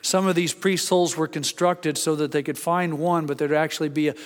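A male pastor preaching a sermon, emphatic, rising to loud exclamations and dropping low. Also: steady tone, a little fast. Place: church sanctuary. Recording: church hall with long reverb.

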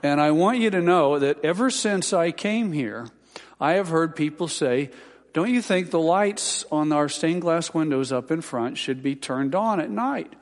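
Male Baptist pastor, slightly high voice, folksy, rambling announcements full of fillers and wry jokes; long church reverb. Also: animated, a little slow. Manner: rambling and homespun, with many fillers and dry humorous asides. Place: large church sanctuary.

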